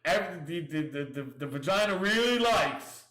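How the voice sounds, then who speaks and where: A man's voice: high-pitched, animated, moderate pace, fairly bright tone, reverberant. A male show host in a casual livestream rant, reading listings aloud and mocking them with crude, sarcastic jabs. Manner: reads listings aloud then riffs.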